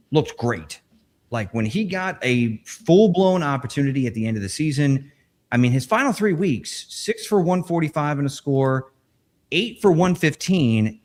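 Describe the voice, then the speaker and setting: A man co-hosting a fantasy football podcast, animated as he breaks down players and jokes with his co-host. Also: mid-range voice. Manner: animated analyst, jokes and laughs. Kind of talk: casual podcast chat.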